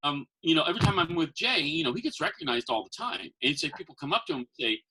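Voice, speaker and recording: Podcast guest, male, husky edge to his voice, energetic rambling storyteller. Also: on the high side, fast talker, rough recording. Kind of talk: casual storytelling chat.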